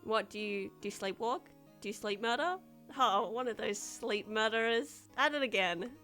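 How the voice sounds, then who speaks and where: Woman streamer, casual let's-play chatter, jokey and rambling, slightly high voice, faint game music. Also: moderate pace, bright, forceful tone.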